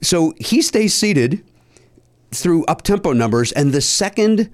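A man telling a long story in casual podcast chat, animated and a bit profane, with high mock voices for people he quotes. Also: unhurried, no room sound, studio quality. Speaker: podcast host.

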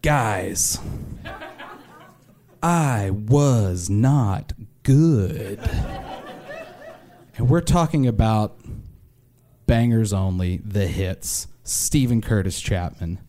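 A young man from Arkansas, a stand-up comedian telling wry, self-deprecating stories with animated impressions. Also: on the low side, extremely slow, pauses often. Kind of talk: stand-up storytelling.

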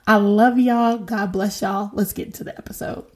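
A woman in her thirties hosting a faith podcast, talking in a lively, slangy, encouraging way. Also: medium pitch, moderate pace. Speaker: podcast host. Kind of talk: casual faith talk.

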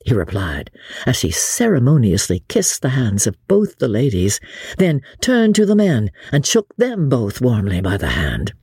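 Woman, audiobook narration, expressive, animated pitch, husky, dry. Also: normal speed, dry recording. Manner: expressive storytelling. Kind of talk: scripted narration of a classic novel.

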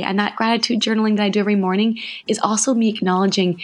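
A woman's voice: medium pitch, steady tone, rapid-fire. A woman speaking as a podcast guest, thoughtful and candid in a reflective conversation.

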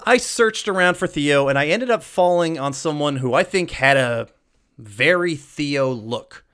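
A man's voice: fairly high pitch, expressive, a bit bright, smooth. A man co-hosting a podcast, talking eagerly about movie casting and swearing freely. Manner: enthusiastic, swears freely, quick asides. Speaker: podcast co-host. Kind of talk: casual movie-recasting chat.

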